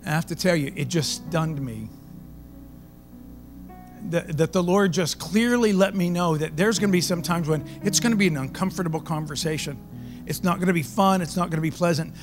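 A male pastor delivers a sermon as a loud, conversational story. His voice sits a bit high for a man. Guitar music plays clearly underneath him. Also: normal speed.

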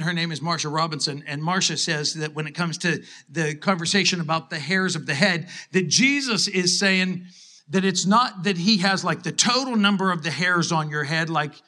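A male pastor with a high, bright voice delivering a sermon to his church. He keeps it conversational and playful, acting out doubting disciples in a skeptical tone. His delivery has a sharp, forward edge.

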